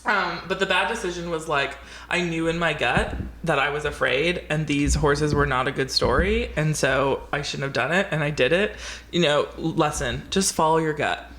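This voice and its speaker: A woman co-hosting a podcast, telling a story in a casual, animated way, acting out quotes and swearing freely. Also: deep voice, normal speed, slight background noise. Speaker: podcast co-host. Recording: roomy echo.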